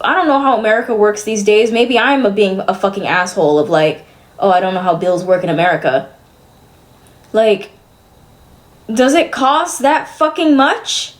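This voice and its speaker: A young woman streamer venting to her chat, exasperated and swearing as she rambles. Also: mid-range voice.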